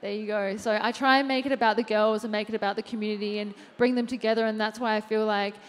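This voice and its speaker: A woman's voice: medium pitch, fairly even intonation, quick pace, a little hiss or hum. A woman, a fitness trainer, chatting as a guest in a live on-stage interview, unassuming and full of fillers. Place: large event hall with audience. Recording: long hall reverb from a live stage.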